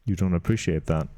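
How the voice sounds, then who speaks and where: A male streamer with a low voice talks slowly and easily while he works on stream. His manner is playful and dry, with teasing asides to chat and small chuckles. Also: a little mellow, no echo. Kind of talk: casual live-stream chat while working.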